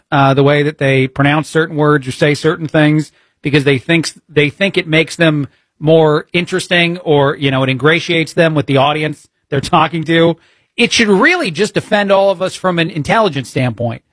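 A man's voice: on the high side, moderate pace, a bit bright, dry recording. A man filling in as a talk radio host, giving an indignant, sarcastic monologue full of "uh" fillers.

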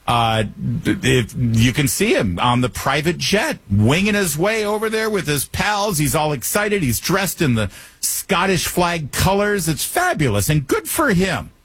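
A man's voice: a little high, sing-song, measured pace, a bit bright, husky, no room sound. A male talk radio host delivering a joking monologue in a wry, teasing manner, slipping in puns.

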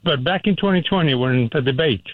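A man's voice: a little high, expressive, a little fast, no echo. A man calling in to a talk radio show, earnest and rambling. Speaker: caller. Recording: tinny phone line.

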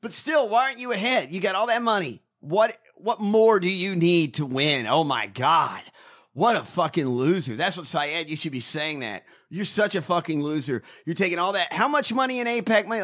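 A man hosts a casual chat in a brash, mocking and heavily profane way. His voice sits a little high and swings widely in pitch. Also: lively intonation, moderate pace, fairly bright tone. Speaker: podcast host.

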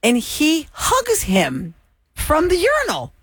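A woman co-hosting a casual talk show, telling a story with lively acted-out quotes. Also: a little high, moderate pace, breathy edge, no echo, studio quality. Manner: animated storyteller acting out quotes. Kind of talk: casual chat.

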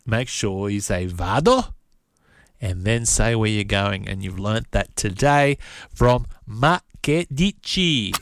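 A man teaching Italian phrases, saying each one slowly and repeating it. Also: fairly low pitch, lively intonation, no echo. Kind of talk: slow, repeated language lesson.

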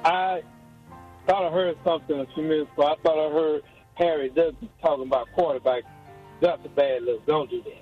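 Older man from Georgia, radio caller, earnest, rambling, slightly high voice, muffled phone line. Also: steady tone, a little fast, husky, soft background music. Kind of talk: call-in radio talk.

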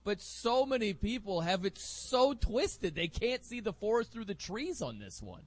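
A man hosting sports talk radio in an energetic, emphatic, opinionated way from a studio. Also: high-pitched, unhurried.

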